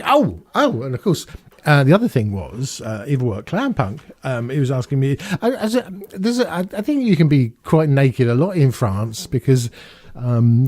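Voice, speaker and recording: A man's voice: medium pitch, a little mellow, no room sound. A man in his fifties from England hosting a casual Q&A vlog from a small home studio, chatting in a rambling, self-mocking way. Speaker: YouTube channel host.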